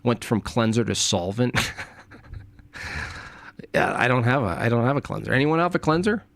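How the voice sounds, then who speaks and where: A man's voice: medium pitch, lively intonation, normal speed, vocal fry, fairly bright tone, dry recording. A man hosting a live stream in casual talk, exasperated and sarcastic, sometimes dropping to a whisper. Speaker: streamer host.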